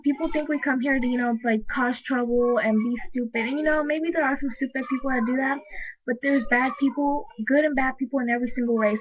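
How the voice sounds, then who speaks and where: A woman from the United States with a slightly high voice rants emphatically to camera in a casual vlog, arguing her opinion in a heated way. She says "like" constantly. The audio is dull, dry, lo-fi webcam sound with no room sound.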